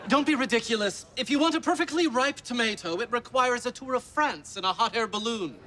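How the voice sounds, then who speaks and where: An actor playing a snobbish, pompous food truck chef in a sitcom. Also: male voice, extremely high pitch, brisk. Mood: smug. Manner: smug and pompous. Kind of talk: sitcom acting. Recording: background noise.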